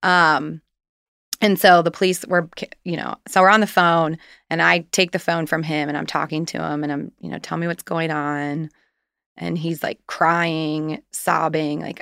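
Low, gravelly-voiced woman telling her story. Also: level tone, normal speed, fairly bright tone, no echo, clean studio sound. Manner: candid, chatty, rambling storytelling. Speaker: guest. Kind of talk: personal story in conversation.

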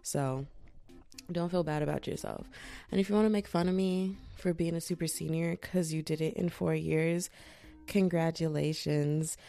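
With soft music behind her, a tired woman in her twenties lies in bed indoors hosting a chatty podcast, cursing casually and voicing the people she quotes. She speaks low-pitched and steady at a moderate pace, with a creaky, dark tone.

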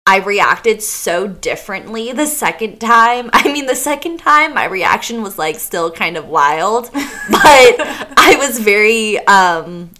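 Female podcast co-host, bright tone, animated and chatty, laughing through her stories. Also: medium pitch, slow. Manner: animated storytelling, lots of fillers and laughs. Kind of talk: casual chat.

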